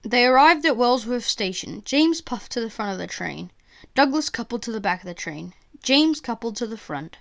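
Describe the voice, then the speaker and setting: A woman's voice: fairly high pitch, lively intonation, normal speed, vocal fry, fairly bright tone. A woman narrating a simple toy train story in a plain, storybook style.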